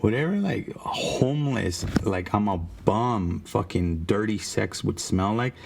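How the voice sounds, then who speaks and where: Gravelly low-voiced man telling a story. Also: lively intonation, a little slow, background noise. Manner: rambling, profane, with frequent restarts. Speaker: car salesman telling his own stories. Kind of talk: casual personal storytelling.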